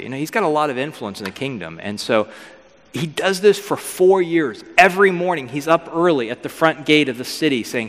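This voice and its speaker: A man preaching a casual, storytelling sermon as pastor, lively and acting out figures in modern slang. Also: a little high, fairly quick. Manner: animated, acts out biblical figures with modern slang. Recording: long hall reverb.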